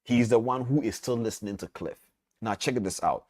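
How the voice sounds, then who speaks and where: A man's voice: on the low side, brisk. A man teaching as a trading mentor, telling a parable and speaking directly to his listeners. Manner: animated storytelling, direct to listeners. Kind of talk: storytelling lesson.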